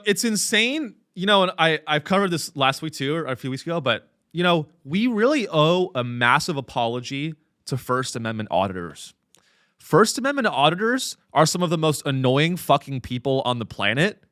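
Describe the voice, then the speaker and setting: A man's voice: medium pitch, fairly bright tone, no echo, clean studio sound. A man hosting a comedy podcast, ranting sarcastically and profanely, with frequent fillers and restarts. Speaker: podcast host.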